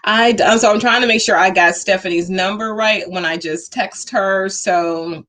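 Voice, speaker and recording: A woman's voice: mid-range voice, fairly even intonation, normal speed, a bit bright. A woman hosting a talk show, chatting upbeat and motivational to her livestream viewers while she waits for a guest.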